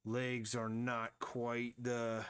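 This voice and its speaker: A man's voice: medium pitch, monotone, extremely slow, a bit bright, smooth. A man thinking aloud and rambling casually while he draws on a live stream. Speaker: artist streaming his drawing.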